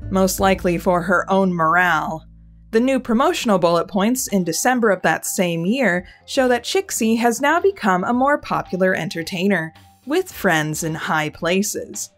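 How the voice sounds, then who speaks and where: A woman reads a scripted lore explainer in a middle-pitched voice. She keeps an even, informative pace and drops in wry, slightly sarcastic remarks. Faint music plays beneath her. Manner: wry, lightly sarcastic asides. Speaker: video essay narrator. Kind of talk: scripted narration. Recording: soft background music.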